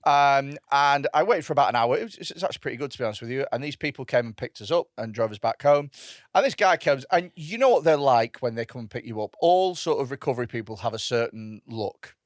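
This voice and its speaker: Lively British man telling stories. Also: medium pitch, fast, no room sound, studio quality. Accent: British English. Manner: rambling anecdotes, heavy swearing. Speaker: podcast co-host. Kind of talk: comedy podcast chat. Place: podcast studio.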